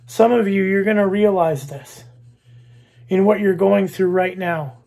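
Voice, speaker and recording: A man preaching a sermon, slow and emphatic, repeating key phrases. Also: high-pitched, vocal fry, mellow. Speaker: pastor.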